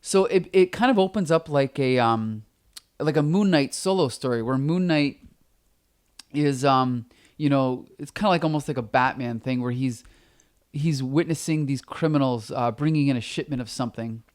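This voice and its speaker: A man co-hosting a comic book podcast in casual chat, talking with a lozenge in his mouth and getting animated as he retells scenes. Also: medium pitch, normal speed. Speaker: podcast co-host.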